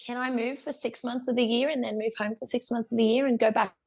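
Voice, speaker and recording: A woman's voice: fairly high pitch, steady tone, fast talker, slightly rough. A young woman with an Australian accent, a guest musician telling a story in a casual interview, chatty, laughing often, with lots of fillers and restarts.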